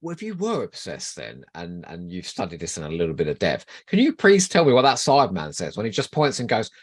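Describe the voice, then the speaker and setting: Male co-host, teasing, animated pitch, casual chat. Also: brisk, breathy edge. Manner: playful and teasing, with mock outrage. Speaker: podcast co-host.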